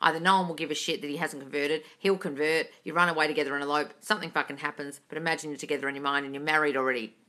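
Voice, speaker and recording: Woman, live Q&A host, slight British intonation, blunt, swears a lot, deep pitch. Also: steady tone, very fast, hardly any pauses, bright, forceful tone. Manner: blunt and sweary, reads chat questions aloud. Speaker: manifesting coach answering live chat questions. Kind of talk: casual live Q&A.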